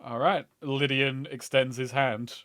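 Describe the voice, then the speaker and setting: A man's voice: medium pitch, level tone, unhurried, a bit bright. A man narrating as game master of a tabletop game, wry and often laughing.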